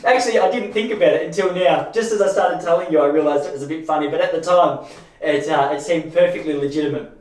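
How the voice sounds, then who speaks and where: A man's voice: on the high side, fast, darkish tone. Australian male podcast host, 30s, chatty and self-deprecating, roomy distant sound. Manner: rambling and chatty, with frequent restarts and self-deprecating asides. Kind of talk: casual monologue.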